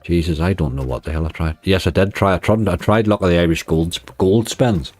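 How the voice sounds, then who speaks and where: Low, mellow-voiced man chatting on stream. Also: fairly quick, soft background music. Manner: chatty, reads viewer comments aloud, laughs often. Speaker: slot streamer. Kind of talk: casual live-stream chat.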